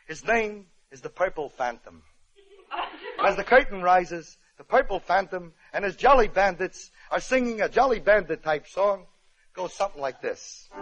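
A male comedian spins a parody story with chatty, wisecracking asides. His voice sits high for a man. The recording is dull and lo-fi, with faint music in the background. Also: expressive, normal speed, fairly bright tone. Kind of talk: comic storytelling on radio.

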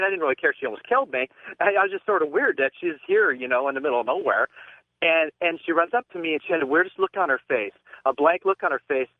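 A man's voice: a little high, no echo. Rambling man on a tinny phone line. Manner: rambling, halting with many restarts. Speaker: caller. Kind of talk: call-in radio storytelling.

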